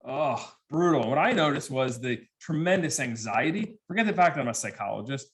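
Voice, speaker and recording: A man in his forties giving a comedic keynote talk to students, telling stories with lively, animated delivery and acting out the voices of people he quotes. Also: medium pitch, a little fast. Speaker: keynote speaker. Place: virtual assembly with students present.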